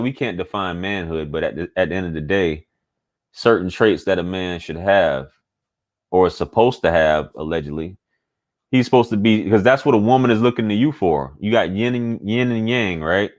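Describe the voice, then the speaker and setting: A man, talking candidly and casually to his audience as a channel host, repeating points for emphasis. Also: fairly low pitch. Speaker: channel host giving dating advice. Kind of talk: casual monologue to camera.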